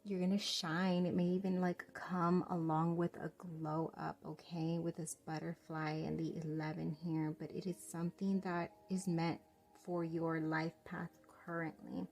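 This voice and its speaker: A woman giving a pick-a-card tarot reading straight to the viewer, gentle and reassuring, calling them "love". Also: lowish voice, little pitch movement, measured pace, dull audio. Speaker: tarot reader.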